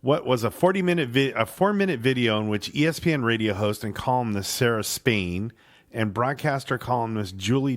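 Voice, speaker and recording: A man co-hosting a casual sports podcast, swearing freely and stumbling over words as he reads an article aloud. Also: medium pitch. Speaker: podcast co-host.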